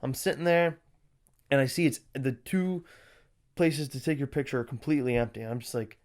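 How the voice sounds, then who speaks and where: A young man co-hosting a podcast, telling animated, profanity-laced stories in casual chat and acting out what people said. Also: medium pitch, normal speed. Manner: animated, swears a lot, acts out quotes. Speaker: podcast co-host.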